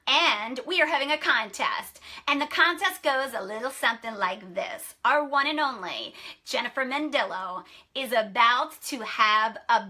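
A woman hosts a casual live stream as a sleep consultant, talking straight to her viewers. She sounds bubbly and effusive and repeats herself for emphasis. Her voice sits a little high and rings bright.

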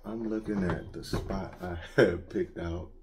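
A man chatting casually while showing off his toy collection at home, joking and slangy and quick to laugh. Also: deep voice, fairly even intonation, background noise. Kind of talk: casual unboxing chat. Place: home collection room with shelves.

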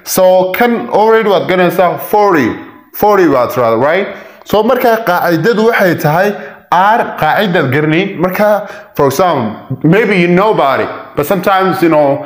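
A man teaching English pronunciation. He repeats example words slowly and switches between languages as he explains. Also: sits high, animated, reverberant. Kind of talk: pronunciation lesson.

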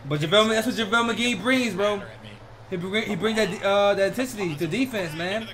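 Excitable high-voiced man reacting to basketball. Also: a little fast, a crowd in the background. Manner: excitable, slangy, repeats "bro". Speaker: reaction video host. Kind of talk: casual reaction commentary.

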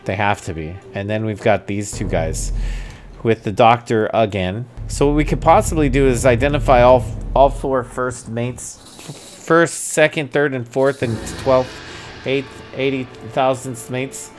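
A man's voice: mid-range voice, unhurried. A man streaming a video game, thinking aloud and puzzling over clues, with sudden startled outbursts. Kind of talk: casual gameplay commentary. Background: faint music.

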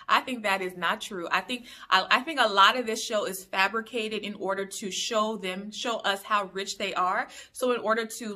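A woman's voice: mid-range voice, bright, forceful tone. A young woman from Liberia chatting through a casual TV episode recap, full of opinionated asides. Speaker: YouTube reviewer.

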